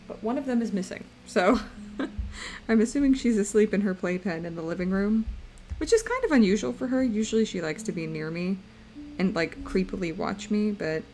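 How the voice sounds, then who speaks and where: A woman's voice: mid-range voice, mellow, slight background noise. A young woman streaming live, chatting playfully and rambling to her viewers while she draws. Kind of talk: casual live-stream chat while drawing.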